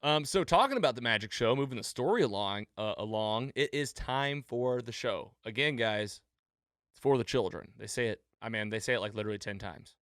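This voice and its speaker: A man's voice: medium pitch, fairly quick, no echo, clean studio sound. A man co-hosting a casual podcast, recapping an episode with frequent laughter and acted-out quotes. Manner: animated, laughs often, acts out quoted lines. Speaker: podcast co-host.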